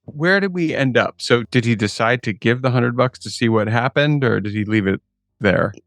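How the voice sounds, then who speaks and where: Male podcast co-host, gravelly and playful, dry studio sound. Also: mid-range voice, moderate pace, no echo. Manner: jokey, animated storyteller who laughs often. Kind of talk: casual podcast banter.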